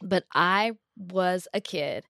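A woman's voice: on the low side, slow, gravelly, sharp tone, no room sound, clean studio sound. A woman co-hosting a casual talk show, telling a personal story in an earnest, emphatic way. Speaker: co-host. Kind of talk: casual chat.

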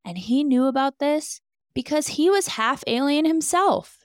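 A woman's voice: sits high, expressive, a little slow, no echo, studio quality. Sarcastic woman telling a true crime story. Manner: sarcastic, incredulous asides. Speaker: true crime podcast host.

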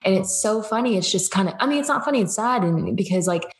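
A woman's voice: mid-range voice, quick pace. A woman in her twenties from Georgia, USA, chatting casually as a podcast guest, laughing often and acting out her own quotes. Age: 20s. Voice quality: animated, laughs often, quotes herself in lively voices. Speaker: guest, business coach. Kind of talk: casual interview chat.

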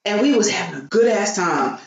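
A woman's voice: medium pitch, a little fast. A woman telling a story on a podcast in casual, profane chat, often acting out what people said. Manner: profane, animated, acts out quoted dialogue. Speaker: podcast co-host. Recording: roomy, slightly dull sound.

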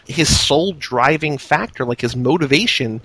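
A man's voice: medium pitch, expressive, normal speed, sharp tone, breathy edge, no room sound, low-quality recording. A man co-hosting a casual film podcast, recapping the plot and often checking in with "right?". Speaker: podcast co-host. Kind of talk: casual chat about a movie.

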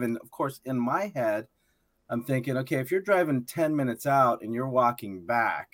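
A man's voice: mid-range voice, animated, moderate pace, no room sound. A man co-hosting a podcast, telling a story casually with a lot of fillers. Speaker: podcast co-host. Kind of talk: casual chat.

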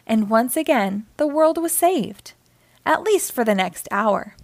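A woman hosting storytime, reading a children's book aloud with expressive storytelling. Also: fairly high pitch, a little slow, no room sound. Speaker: storytime host.

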